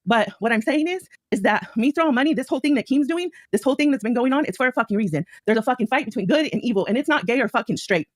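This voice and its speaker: A woman's voice: a little high, lively intonation, rapid-fire, hardly any pauses, no room sound. A woman in a heated livestream call argument, ranting with constant profanity. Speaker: community member on a stream call.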